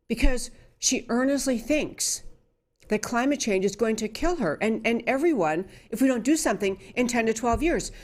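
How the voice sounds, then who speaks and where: A woman talk show host in middle age delivers political commentary in a mid-range voice. She argues emphatically and often restarts sentences with fillers as she thinks aloud. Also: medium pitch.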